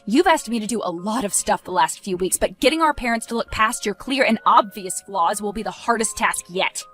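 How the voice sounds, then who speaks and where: A woman voicing a stressed teenage high school boy who talks tensely and pleads, then snaps into anger. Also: expressive, brisk, a bit bright, faint music behind, close to an everyday voice. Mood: angry.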